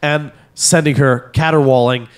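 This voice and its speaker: In casual chat, a podcast host tells a profane story, his medium-pitched voice smooth and a little slow. He's animated and acts out the voices of the people in it.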